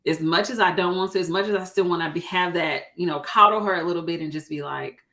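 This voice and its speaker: Woman in her 30s, kinda low voice but bright, chatty realtor co-host. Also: fast talker. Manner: chatty, laughs often, acts out quoted dialogue. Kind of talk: casual chat.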